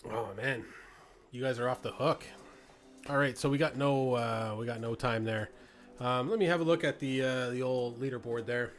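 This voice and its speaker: A man's voice: mid-range voice, normal speed, faint music behind. A man streaming a sim race, chatting and joking with viewers while he drives. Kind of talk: casual live-stream chat while racing.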